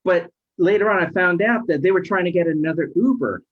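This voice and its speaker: A middle-aged man, a rideshare driver, telling a story in casual chat, animated and acting out quoted voices. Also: high-pitched, fairly quick. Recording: dull lo-fi audio.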